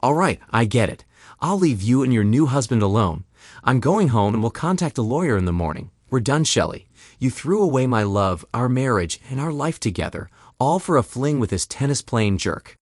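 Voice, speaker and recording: A man's voice: mid-range voice, sing-song, normal speed, no room sound, studio quality. A man voicing a betrayed husband who interrogates his wife with cold sarcasm. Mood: angry. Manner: sarcastic, demanding. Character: coldly mocking betrayed husband.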